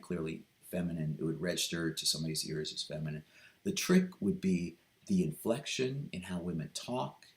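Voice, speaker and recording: A man talking through a reflective personal vlog, hesitant and earnest, with many pauses, ums and restarts. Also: sits low. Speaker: vlogger.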